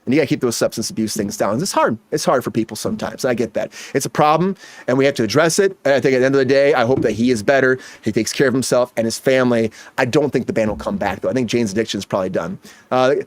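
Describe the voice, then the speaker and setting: A man's voice: medium pitch, fast, slight background noise. A man hosting a comedy entertainment news show, talking energetically and hyping up the breaking news. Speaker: host.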